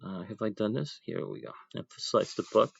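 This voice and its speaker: Art teacher, male, low voice, casual drawing demo, dry muffled recording. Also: a little fast, vocal fry, husky, no room sound. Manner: talks while drawing, thinking aloud, chatty asides.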